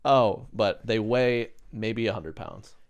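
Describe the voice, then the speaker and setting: Laid-back storytelling man, low voice. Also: takes it slowly. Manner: animated storyteller, acts out quotes. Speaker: podcast co-host. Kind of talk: casual chat.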